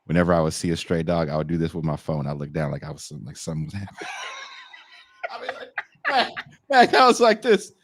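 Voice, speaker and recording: A man co-hosting a casual podcast chat, reacting to a clip with loud laughs and profane jokes. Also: a bass voice, a little fast. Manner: animated, laughing often, profane, slips into mocking voices. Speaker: podcast co-host.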